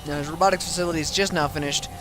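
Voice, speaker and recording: A man's voice: on the high side, fairly even intonation, over music. A tired man who has been up all night, casually talking through his own game replay with lots of ums and restarts. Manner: halting, many ums and restarts.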